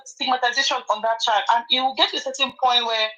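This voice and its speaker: Nigerian woman panelist, argumentative, bright tone, pushes back when interrupted. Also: a little high, fairly even intonation, fast, soft background music, rough recording. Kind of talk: heated debate.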